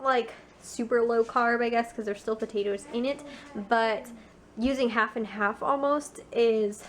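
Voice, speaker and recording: A young woman from the Chicago area, a vlogger, chatting casually at home with a rambling, chatty manner. She is sick, with a congested, stuffy voice. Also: a little high. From Chicago area, USA. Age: young adult. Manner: rambling, chatty, frequent trailing-off restarts. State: congested, sick with a sore throat. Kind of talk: casual vlog chat.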